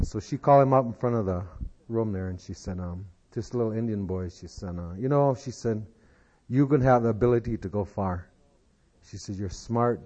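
A man telling a long joke in a folksy, rambling way, giving the characters quick voices and dropping into soft asides. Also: on the low side. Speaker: storyteller. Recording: dull lo-fi recording.

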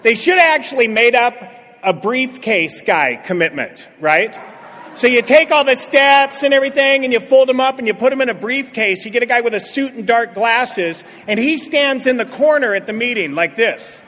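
A middle-aged man telling a funny story at a recovery meeting, full of jokes and lively. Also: very high-pitched, moderate pace, slight background noise. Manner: joking, animated storyteller. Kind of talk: humorous recovery talk to a live audience. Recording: echoey hall with faint crowd laughter.

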